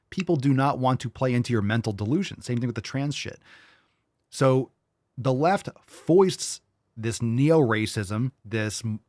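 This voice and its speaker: A man's voice: medium pitch, dry recording, studio quality. A man hosting a livestream podcast, reacting to clips with blunt, profane, mocking commentary.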